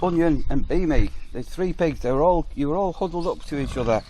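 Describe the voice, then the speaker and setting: A man's voice: lively intonation, fairly quick, warm tone, faint music behind. A man giving a casual walking tour of a farm park outdoors, chatting as he goes and talking to the animals. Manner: chatty, talks fondly to animals in a higher voice. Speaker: vlogger touring a farm park.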